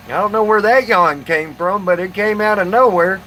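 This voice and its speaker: A man chatting casually to a live stream audience, halting with many fillers and restarts. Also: high-pitched, pushed and bright, slight background noise, rough recording.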